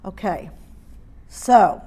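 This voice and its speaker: A woman's voice: very slow, mellow. A middle-aged woman teaching dog training, speaking emphatically, repeating key points and checking in with her listeners. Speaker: dog grooming and training instructor. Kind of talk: hands-on teaching demonstration.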